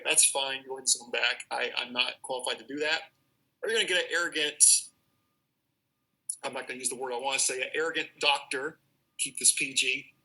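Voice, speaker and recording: A man's voice: medium pitch, bright, forceful tone, rough recording. A man teaching a radiology class in a casual, direct manner, mixing advice with stories from his own work. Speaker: radiology instructor. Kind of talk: classroom lecture.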